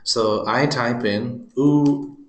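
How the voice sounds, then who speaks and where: Man presenter, unhurried delivery, jokey asides, demo narration, roomy echo. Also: mid-range voice. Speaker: software presenter. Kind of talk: screen-recorded product demo.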